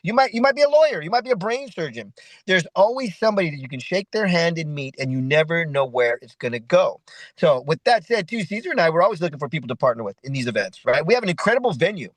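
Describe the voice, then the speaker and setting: A man's voice: a little high, big pitch swings, fast talker, dry recording, low-quality recording. A middle-aged man giving a motivational talk as an event host, preachy and repetitive, often adding "right?". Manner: repetitive, preachy, full of 'right?' asides.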